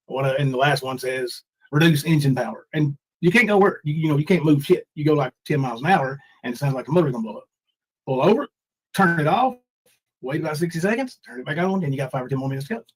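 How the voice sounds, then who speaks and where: Talking fast in a slightly high, animated, somewhat rough voice, a livestream host in his forties rambles through his woes. He reads viewers' chat names aloud and does bits of mock crying, all over poor audio.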